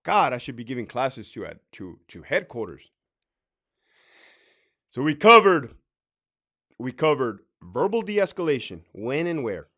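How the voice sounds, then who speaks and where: A man's voice: medium pitch, sing-song, measured pace, pauses often, pushed and bright. A middle-aged man and former corrections officer giving blunt, profane advice in a casual monologue. He laughs often and acts out other people's lines.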